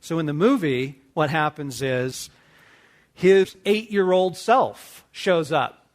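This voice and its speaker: A middle-aged man hosting a talk to men, telling a movie story with lively acted-out dialogue. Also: on the high side, slow pace. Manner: animated storyteller acting out dialogue. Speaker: host. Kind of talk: casual teaching talk to men.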